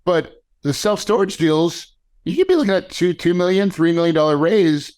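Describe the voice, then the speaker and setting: A man hosting a podcast in casual chat, energetic and slangy, often checking in with "right?". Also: sits high, moderate pace. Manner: energetic, slangy, thinks aloud with many "right?". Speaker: podcast host.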